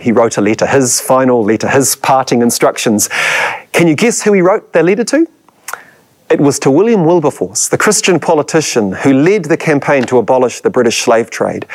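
A man, a church history lecturer, preaching a sermon with dramatic emphasis and rhetorical questions put to his listeners. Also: mid-range voice.

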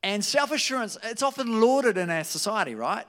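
A man preaching a conversational sermon, lively and informal, slipping into quoted voices. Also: high voice, brisk. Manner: conversational, animated, with restarts and acted quotes.

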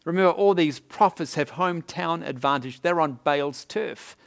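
A man preaching a sermon as a pastor, telling the story in a lively way with chuckles and asides. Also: on the high side, normal speed, gravelly.

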